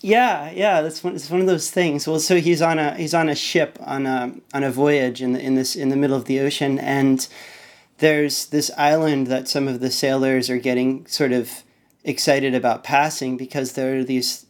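A man's voice: medium pitch, steady tone, moderate pace. A man who is a podcast guest, retelling a story in a rambling, hesitant way with many restarts. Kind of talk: casual conversation, retelling a story.

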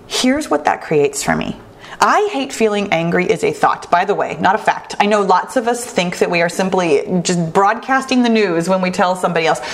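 A woman hosting a solo talk, speaking earnestly and reflectively, slow and deliberate with lively asides. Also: on the low side.

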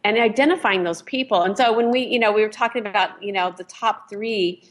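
A woman's voice: mid-range voice, brisk. A woman co-hosting a talk show, speaking earnestly in long, flowing run-on sentences. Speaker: co-host. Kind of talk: casual talk show chat.

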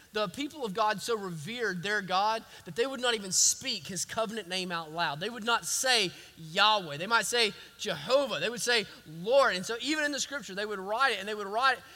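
Emphatic preacher with a high, bright voice. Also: male voice, long reverb tail. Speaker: pastor. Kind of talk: sermon.

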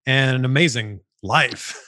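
A man hosting an interview, speaking with enthusiasm and warm thanks. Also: medium pitch, unhurried, no echo, studio quality. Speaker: interview host. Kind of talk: casual interview chat. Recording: music behind the voice.

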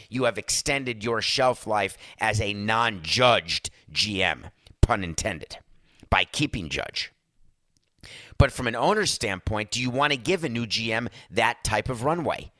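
A man's voice: medium pitch, bright, forceful tone, dry recording, studio quality. A man hosting a sports talk show, delivering an emphatic, sarcastic monologue. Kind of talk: opinionated sports radio monologue.

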